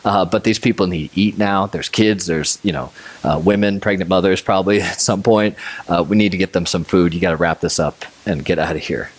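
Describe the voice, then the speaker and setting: A man's voice: low voice, steady tone, a little fast, voice pushed down. A man voicing anxious male disciples who stammer and fret about feeding a crowd. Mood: fretting. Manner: flustered, stammering.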